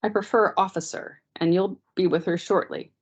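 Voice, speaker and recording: A woman's voice: on the low side, moderate pace, breathy edge, voice pushed up. A woman reading aloud, voicing a polite but grave, self-important male police officer in his thirties, on dull lo-fi meeting audio.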